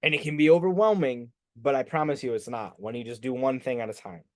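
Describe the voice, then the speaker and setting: Leading a group coaching class, a spiritual coach talks casually and quickly in a medium-pitched voice, swearing freely. He's animated, acts out the inner voices of his students, and keeps checking in with rhetorical "right?" questions.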